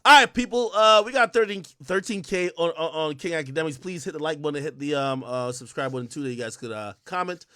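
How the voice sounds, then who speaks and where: Male streamer host, bright high voice swinging wildly, loud profane rants to chat, dry close sound. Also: quick pace, few pauses, no room sound. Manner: loud, excitable, shouts and laughs often; profane, addresses chat directly. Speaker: livestream host. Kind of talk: casual livestream rant.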